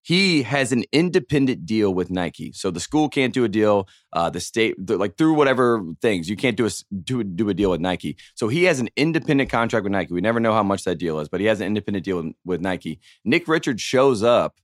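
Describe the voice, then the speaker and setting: A young man co-hosting a casual sports podcast, telling animated, rambling stories full of restarts. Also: lowish voice, fairly quick, few pauses, no room sound, studio quality. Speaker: podcast co-host.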